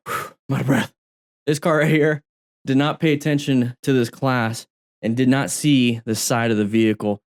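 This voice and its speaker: Chatty man commenting on riding videos. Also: on the high side. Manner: chatty, repeats phrases for emphasis. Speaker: motorcycle riding instructor.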